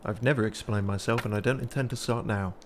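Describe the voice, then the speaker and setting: Male streamer, lowish voice, wry muttered gameplay commentary. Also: steady tone, quick pace, noisy background. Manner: wry, self-mocking muttering to himself. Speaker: game streamer.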